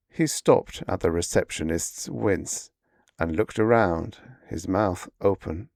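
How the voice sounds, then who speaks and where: A man narrating a bedtime sleep story in an unhurried, low voice. His pitch moves expressively across a wide range, and the sound is dry and close. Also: creaky, darkish tone, dry recording.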